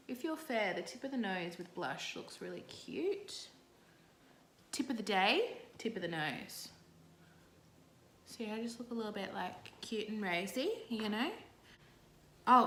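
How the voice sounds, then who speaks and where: A woman's voice: mid-range voice, fairly bright tone. A young Australian woman talking viewers through her makeup in a casual, playful tutorial. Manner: chatty, playful asides to viewers. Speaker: beauty vlogger. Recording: roomy echo, faint background noise.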